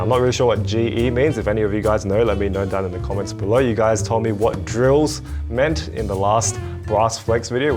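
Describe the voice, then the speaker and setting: Chatty, excitable young man hosting. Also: on the low side. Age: 20s. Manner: chatty, excitable, laughs often. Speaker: host. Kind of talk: casual reaction video. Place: home studio. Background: marching percussion show playing.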